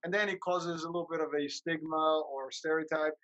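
A man's voice: on the high side, steady tone, brisk, a bit bright, dull audio. A man hosting a podcast, upbeat and talkative, asking long rambling questions. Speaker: podcast host. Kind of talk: casual interview chat.

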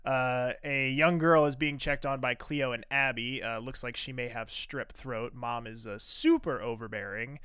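Bright, crisp-voiced man recapping casually. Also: mid-range voice, steady tone, normal speed, hardly any pauses, dry recording, studio quality. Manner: rambling, frequent "uh" fillers and restarts. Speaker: podcast co-host recapping episodes. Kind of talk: casual podcast chat.

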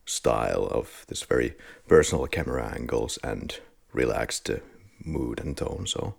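Very deep, gravelly-voiced man. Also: animated, a little slow. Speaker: podcast co-host. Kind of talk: casual film discussion.

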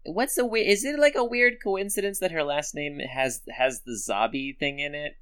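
A podcast co-host in casual chat about an anime series, excitable and freely profane. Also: medium pitch, normal speed, smooth. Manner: animated, excitable, swears freely.

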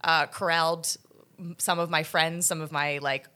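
Animated bright-voiced woman guest. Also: deep voice, moderate pace. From United States. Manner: animated, laughs often, many fillers. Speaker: podcast guest. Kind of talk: casual interview chat.

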